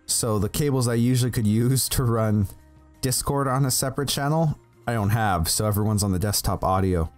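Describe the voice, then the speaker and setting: Speaking fairly quickly in a medium-pitched voice, the man chats over voice chat before the game, rambling, laughing often, and starting over as he lays out his setup. Faint music sits under the desktop audio.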